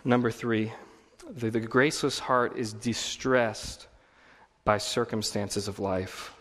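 A man's voice: fairly low pitch, fairly even intonation, takes it slowly, fairly bright tone, in a large hall. A man preaching a sermon as pastor, conversational, swelling into emphatic repeated phrases. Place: church.

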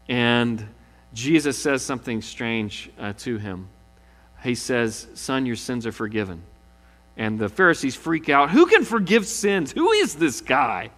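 A man's voice: mid-range voice, fairly bright tone, big-room sound. A male pastor preaching a sermon, telling stories with animation and acting out the quoted lines.

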